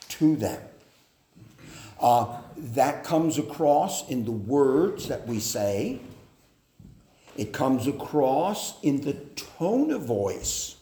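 A man preaching a sermon on family life, slow and deliberate, with hesitant fillers. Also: a little high, dark tone. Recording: echoey hall with faint noise.

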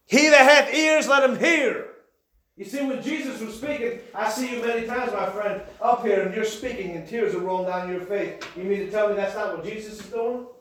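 A man preaching a sermon, building into shouted emphasis. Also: sits high, fairly quick, hardly any pauses. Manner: impassioned, rising to shouts. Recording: echoey church room.

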